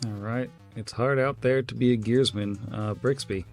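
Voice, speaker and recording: A man's voice: mid-range voice, steady tone, moderate pace, faint music behind. A man running a tabletop game as game master, with wry, casual narration.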